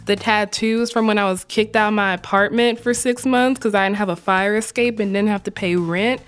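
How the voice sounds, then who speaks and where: A woman from the Southern US co-hosting a podcast in casual chat, animated and wry, swearing casually. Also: medium pitch, brisk, clear, resonant tone, soft background music. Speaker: podcast co-host.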